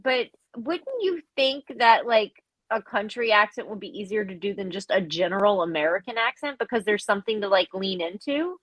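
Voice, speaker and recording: A woman's voice: medium pitch, expressive, normal speed, fairly bright tone, dry recording. A woman co-hosting a casual film chat, musing aloud with plenty of fillers. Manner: chatty, filler-heavy musing. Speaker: co-host.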